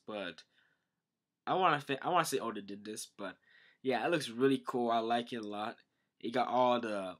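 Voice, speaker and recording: A man chats through a manga chapter in a loose, rambling way, leaning on "like" and restarting sentences. His voice is mid-pitched with a bright, forceful edge. He sounds eager and unscripted. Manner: rambling, enthusiastic, heavy use of "like". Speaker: manga reviewer. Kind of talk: casual manga commentary.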